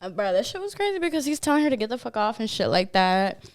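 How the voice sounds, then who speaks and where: A young woman on a podcast, telling club stories in a blunt, profane, animated way. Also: on the high side, fast talker. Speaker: podcast guest, dancer. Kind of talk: casual storytelling chat.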